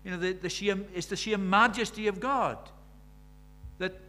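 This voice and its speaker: A man's voice: sits high, normal speed, sharp tone. A man preaching a sermon, emphatic and storytelling, firing rhetorical questions at the congregation.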